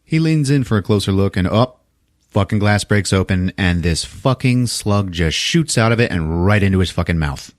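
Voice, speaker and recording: A man hosting a podcast, retelling a film plot in a casual, animated and profane way and acting out the characters. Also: low voice, normal speed. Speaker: podcast host.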